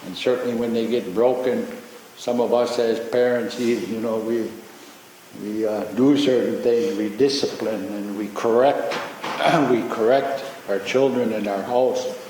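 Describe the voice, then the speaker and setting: A man giving a ceremonial opening acknowledgment in a large courtroom, talking slowly and reflectively with frequent pauses and repetitions. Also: medium pitch, steady tone, darkish tone, slight background noise. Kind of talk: ceremonial public address. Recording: very echoey hall with long reverb.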